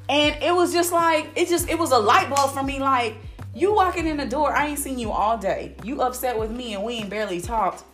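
A woman co-hosts a candid casual chat, telling animated, profane stories full of exclamations. Her voice runs a little high and swings widely in pitch. Faint music sits behind her. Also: normal speed.

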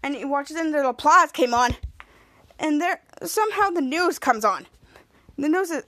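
A woman's voice: very high-pitched, lively intonation, normal speed, fairly bright tone. A woman hosting a podcast, retelling an episode in a rambling run-on way, stringing everything together with "and". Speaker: podcast host. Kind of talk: casual episode recap.

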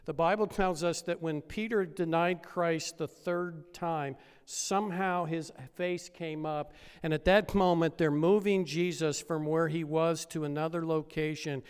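A pastor preaching a sermon, retelling a story and building up to loud, emphatic peaks. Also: male voice, on the high side, steady tone, measured pace, few pauses, clean tone, long reverb tail.

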